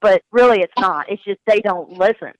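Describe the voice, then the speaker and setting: A woman who works as a fishing guide, talking candidly in an interview and acting out remarks people make to her in an animated way. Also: mid-range voice, normal speed, no room sound, poor audio. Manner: animated, acts out quoted remarks.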